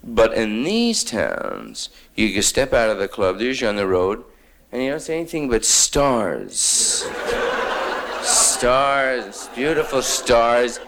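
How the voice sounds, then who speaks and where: Brief: man from New York, stand-up comic, wry and rambling, hip slang, gravelly and lively. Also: mid-range voice, slow. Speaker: stand-up comedian. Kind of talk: stand-up monologue.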